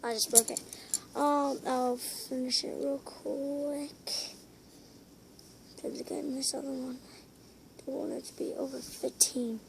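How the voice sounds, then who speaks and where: A woman's voice: sits high, little pitch movement, slow, gravelly, pauses often, background noise. A woman giving a casual, rambling step-by-step craft tutorial, with hesitant instructions and muttered, whispered asides. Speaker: tutorial maker.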